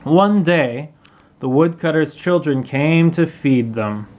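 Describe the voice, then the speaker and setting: A man reading a children's storybook aloud, clear and expressive. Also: fairly high pitch, slow, low-quality recording. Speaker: storybook reader.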